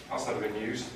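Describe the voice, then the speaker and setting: A man grumbling to camera on a trip, moaning in a deadpan way about everything that goes wrong. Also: medium pitch, noisy background. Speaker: reluctant traveller. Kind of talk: grumbling travel diary to camera. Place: outdoors on a busy travel trip. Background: background music.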